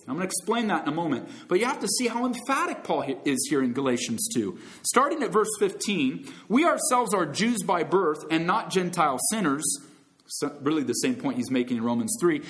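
Male pastor, sermon. Animated, fairly high voice, hammering points home with big swoops. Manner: emphatic preaching, swooping from loud high peaks to low soft drops; calls listeners friends, brothers and sisters.

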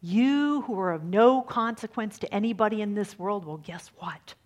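A woman giving a sermon, dramatic and swinging from hushed near-whispers to emphatic lines. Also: medium pitch, moderate pace. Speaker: speaker giving a faith talk.

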